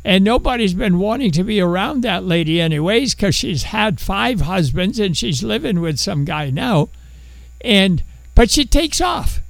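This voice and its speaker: Animated male preacher, high and lively. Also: measured pace, creaky, no echo, rough recording. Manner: animated storytelling, acts out biblical characters. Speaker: pastor. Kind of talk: sermon.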